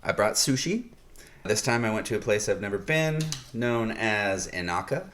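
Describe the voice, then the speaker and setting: Low-voiced guy cohosting a podcast, easygoing, lots of uhs. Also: a little hiss or hum. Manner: relaxed, rambling with fillers and pauses. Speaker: podcast co-host. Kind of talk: casual chat.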